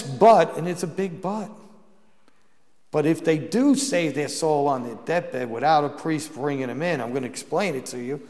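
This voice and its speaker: A man's voice: a little high, darkish tone. A man, a Catholic priest, preaching a sermon and telling stories with emphatic bursts and frequent restarts. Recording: long hall reverb.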